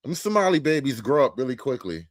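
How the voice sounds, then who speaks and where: A man's voice: medium pitch, big pitch swings, fast talker, no room sound. A man hosting a casual commentary, talking in a blunt, mocking way. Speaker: commentary host.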